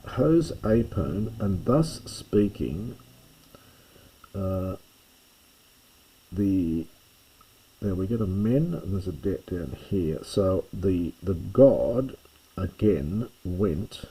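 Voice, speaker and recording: Slow, deep-voiced, husky man teaching Greek. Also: lively intonation, warm tone, low-quality recording. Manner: thoughtful, pauses with fillers, stresses translations. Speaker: classics teacher reading Homer. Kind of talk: slow line-by-line Greek lesson.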